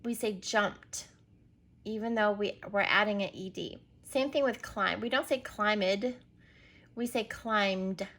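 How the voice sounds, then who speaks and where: A woman's voice: medium pitch, brisk, hardly any pauses, fairly bright tone. A woman teacher giving a recorded reading lesson to young children, patiently prompting and spelling words out letter by letter.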